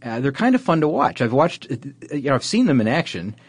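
A man's voice: medium pitch, big pitch swings, fairly quick, husky, dry recording. A man co-hosting a podcast in casual chat, rambling and self-correcting with frequent chuckles. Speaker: podcast co-host.

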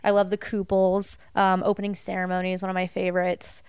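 A woman chatting casually as a guest, fast and full of fillers, recorded in a bedroom. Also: mid-range voice, monotone, a little mellow, smooth, no echo, clean studio sound. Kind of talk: casual chat. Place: bedroom beside a large closet.

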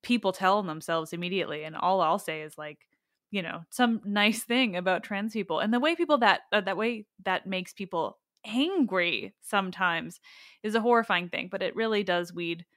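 A woman's voice: medium pitch, normal speed, a bit bright, dry recording, clean studio sound. A woman hosting a podcast in casual chat, bubbly and enthusiastic, laughing often. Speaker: podcast host.

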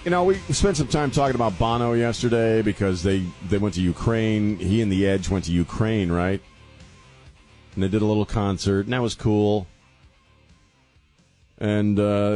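A man's voice: on the low side, darkish tone, dry recording. A man hosting a talk radio show from a studio, joking and sarcastic in a rambling, casual way. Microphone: studio microphone.

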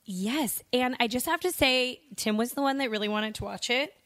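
A woman co-hosting a casual podcast chat, animated and exclamatory, laughing often. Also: a little high, moderate pace. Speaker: podcast co-host.

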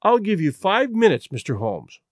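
A man's voice: sits high, sing-song, normal speed, no echo, studio quality. A man reading an audiobook, voicing a distraught, proud young aristocratic wife in an imploring, emotional way. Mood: defiant.

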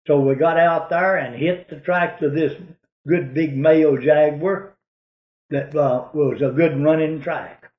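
A man's voice: on the high side, roomy sound, narrow, tinny audio. Drawling man spinning a yarn. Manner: drawling, rambling, folksy. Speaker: storyteller. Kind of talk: folksy hunting yarn.

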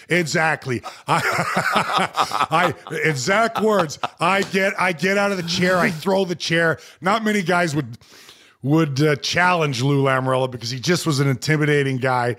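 Former pro athlete guest, man in his forties, fairly high voice, lively storyteller with frequent restarts. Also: a little slow. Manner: animated anecdote, quoting others, repeated restarts. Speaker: retired hockey player, guest. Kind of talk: storytelling in a casual interview.

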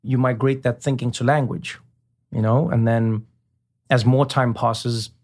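Man telling animated stories. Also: medium pitch, measured pace. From South Africa. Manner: animated storyteller, slips into imitations. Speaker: comedian and guest. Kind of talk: casual interview chat.

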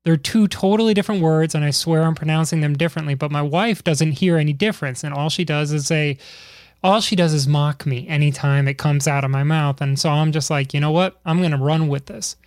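A man's voice: on the high side, fairly even intonation, a little fast, a little mellow, dry recording, studio quality. A man hosting an interview, asking long, rambling questions with chatty asides. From Chicago area. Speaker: podcast host. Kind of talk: casual interview.

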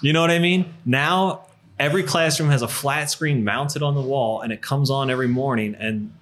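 A man in his thirties chatting casually, telling old stories with lively acted-out quotes and frequent laughter. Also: mid-range voice, normal speed. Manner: animated storyteller, acts out quoted lines, laughs often. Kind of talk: casual chat.

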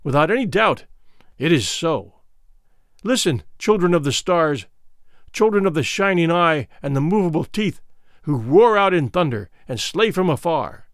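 A man voicing a cautious, wary old tribal elder who speaks gravely and pleads. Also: fairly high pitch, lively intonation, normal speed, dry recording, studio quality, lightly acted. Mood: relieved.

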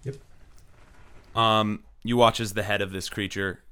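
Low-voiced man running a tabletop game. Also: steady tone, unhurried, sharp tone, slight background noise. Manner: casual, loose narration full of "like" and "um". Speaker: dungeon master.

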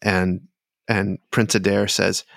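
A man running a tabletop game as game master, narrating in a low, gravelly voice. He pauses often and fills the gaps with fillers. The recording is dry and close. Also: flat delivery, a bit bright, no room sound. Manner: halting, filler-heavy narration.

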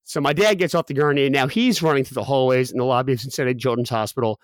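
A man's voice: medium pitch, racing, no echo. A young man telling a personal story as a guest, candid and full of fillers and restarts.

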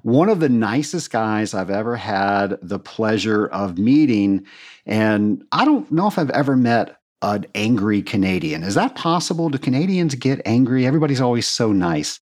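A man's voice: lowish voice, very animated, moderate pace, darkish tone. A man hosting a podcast, chatting with a guest in a jokey, friendly manner. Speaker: podcast host. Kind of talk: casual interview hosting.

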